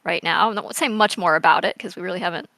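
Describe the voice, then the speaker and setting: A woman chatting casually on a call, halting with fillers. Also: on the low side, vocal fry, pushed and bright, no echo. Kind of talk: casual chat.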